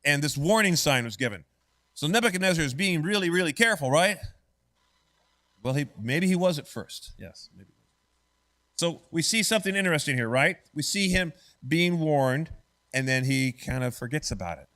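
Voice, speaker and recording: A man's voice: a little high, animated, moderate pace, a bit bright. A man teaching an adult church Bible study class in a church classroom, conversational and often quizzing the class with "right?".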